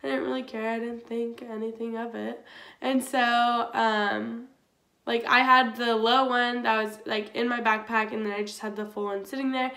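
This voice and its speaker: A woman's voice: a little high, level tone, moderate pace, gravelly, sharp tone. A young woman telling a storytime vlog in a chatty way, filling her talk with "like". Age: young adult. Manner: chatty, filler-heavy with frequent "like". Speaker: YouTuber. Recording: roomy echo.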